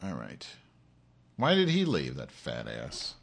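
A man's voice: rumbling low, huge pitch swings, slow pace, vocal fry. A man hosting his own live-stream show, in an angry, profane rant aimed straight at his audience.

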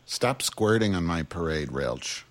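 Low-voiced guy cohosting a comedy podcast, dry and sardonic. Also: animated, a little slow. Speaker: podcast co-host. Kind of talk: raunchy comedy banter.

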